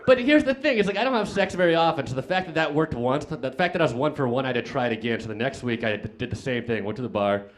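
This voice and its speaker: A young man performs stand-up on a club stage, his voice sitting at an ordinary middle pitch. He rambles through self-deprecating stories, stumbling over restarts and leaning on "like" as he goes. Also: lively intonation, rapid-fire, hardly any pauses. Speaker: stand-up comedian. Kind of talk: stand-up comedy set. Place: comedy club stage with live audience.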